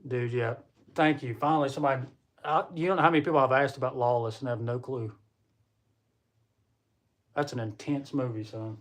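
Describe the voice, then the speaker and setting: A man's voice: mid-range voice, steady tone, a little fast, pauses often. Guy rambling on his livestream, chatting w viewers and laughing a lot. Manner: talks to viewers while reading comments. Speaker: livestream host. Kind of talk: casual live-stream chat.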